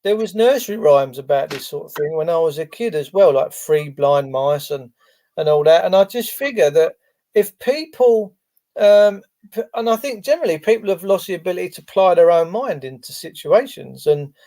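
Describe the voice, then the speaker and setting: Mellow-voiced man musing slowly. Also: high-pitched, lively intonation. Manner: rambling, reflective, with fillers. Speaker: guest. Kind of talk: casual chat.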